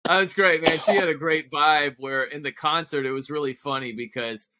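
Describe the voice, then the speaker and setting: A man guesting on a sports radio show, speaking in a bright, forceful, fairly high voice into a studio microphone. He talks football casually, enthusiastic and plain-spoken. The delivery is steady and energetic. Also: normal speed.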